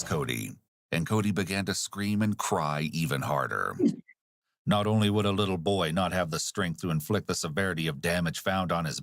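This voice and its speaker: Male podcast narrator, deep voice, dead-dry close mic, steady measured read. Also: no echo. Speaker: podcast host narrating true crime. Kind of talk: scripted narration.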